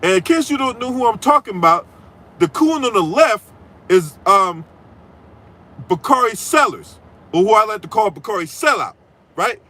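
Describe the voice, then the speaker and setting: High, bright-voiced man ranting crudely. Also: expressive, moderate pace, long pauses, poor audio. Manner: mocking, crude trash talk, frequent "right?". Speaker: political commentary channel host. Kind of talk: profane ranting commentary.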